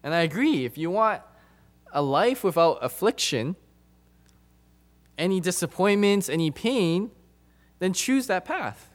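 A man preaching a sermon to his congregation, emphatic, repeating phrases for stress and moving between loud and soft passages. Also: sits high, lively intonation, unhurried, long pauses.

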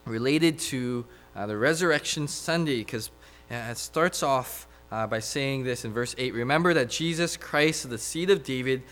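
A man's voice: mid-range voice, a bit bright. A man preaching a sermon, reading scripture aloud with many "uh" fillers and building to emphatic repetition.

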